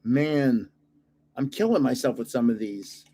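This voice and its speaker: A man's voice: medium pitch, lively intonation, measured pace, mellow. An older man hosting his own channel, chatting casually while opening card packs and chuckling at his own guesses. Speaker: card-collecting channel host. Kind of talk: casual pack-opening chat.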